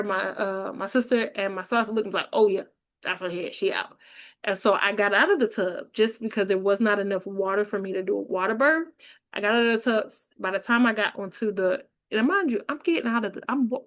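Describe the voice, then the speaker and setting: Woman vlogger, animated chatty storyteller, mid pitch. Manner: chatty, animated, laughs while telling. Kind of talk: casual storytelling vlog.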